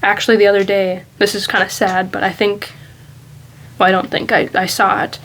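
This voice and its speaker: A woman's voice: medium pitch, little pitch movement, normal speed, a bit bright, low-quality recording. A woman vlogger talking casually and candidly in a rambling, reflective monologue.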